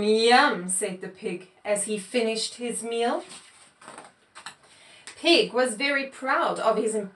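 A woman reading a picture book aloud to children, in an expressive storytelling manner. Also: on the high side. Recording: echoey room, mic far off.

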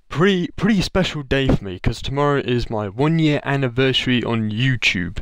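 Man, gaming channel host, casual rambling talk, mid pitch, clean resonant tone. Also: lively intonation, normal speed, few pauses, clean tone, no room sound. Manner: rambling, loose, with restarts and trailing phrases. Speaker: gaming YouTuber. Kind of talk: casual vlog update to viewers.

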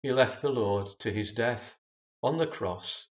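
A man preaching a sermon in a slow, measured and solemn way. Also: medium pitch, lo-fi sound.

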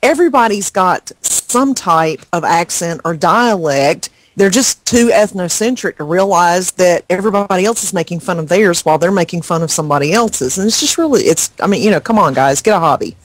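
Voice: mid-range voice, lively intonation, a little fast, few pauses, no room sound, rough recording. An actor rambling in casual podcast chat, laughing often and sounding exasperated.

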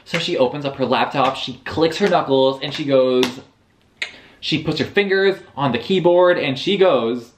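Young male book vlogger, mid-range voice, profane, animated sarcastic recap. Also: medium pitch, moderate pace. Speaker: book reviewer. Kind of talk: casual book recap vlog.

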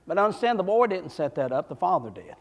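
A male preacher delivers a fervent sermon, often shouting and then dropping into folksy asides. His voice sits very high for a man. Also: sing-song, quick pace, dull audio.

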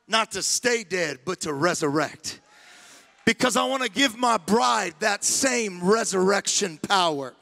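A man preaching as a guest pastor in a church, repeating his phrases and building to impassioned shouting. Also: sits high, expressive, unhurried, vocal fry. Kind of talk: sermon. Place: church sanctuary.

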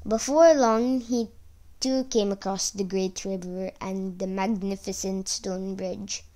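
A woman reading a children's fairy tale aloud in an expressive storytelling manner. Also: medium pitch, slow.

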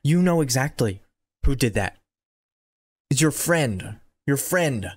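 A man giving excitable horror game playthrough commentary, talking back to the game and repeating himself. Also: medium pitch, slow pace. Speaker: gaming video creator. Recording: noticeable background noise.

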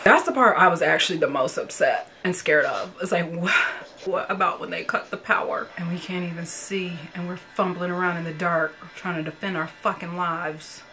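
A woman watching a horror movie for the first time talks back at the characters and swears freely. Her lowish voice is bright and forceful, at a normal speed, with slight background noise.

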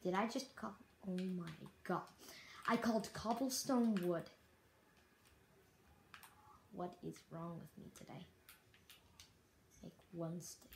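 Rambling Canadian gamer with gravelly fry. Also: female voice, lowish voice, steady tone, measured pace, pauses often. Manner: rambling, self-deprecating, apologetic. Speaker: gaming YouTuber. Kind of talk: casual let's-play commentary. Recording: echoey room with faint noise.

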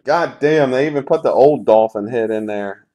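A man's voice: mid-range voice, normal speed, dark tone, dull audio. A man hosting a live sports card break, calling out pulls in a sarcastic, grumbling, profane way.

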